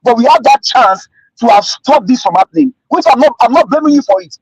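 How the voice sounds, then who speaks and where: A man's voice: very high-pitched, animated, fairly quick, slightly rough, dry recording, rough recording. A man with a Nigerian accent, a guest on a livestream, who stammers and repeats himself as he pleads his point.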